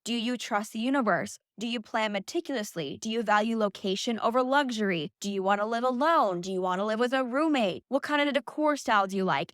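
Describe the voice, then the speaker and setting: A woman's voice: on the high side, fairly bright tone, no echo, clean studio sound. Blunt, emphatic young woman vlogger. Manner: blunt, swears freely, emphatic. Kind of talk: casual motivational talk to camera.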